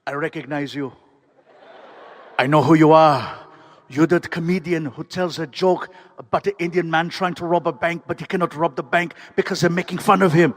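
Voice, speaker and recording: A man doing a booming Austrian-accented muscle star. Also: fairly even intonation, close to an everyday voice. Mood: effusive. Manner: booming, rapid-fire greetings. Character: hearty bodybuilder movie star greeting fans with a thick Austrian accent.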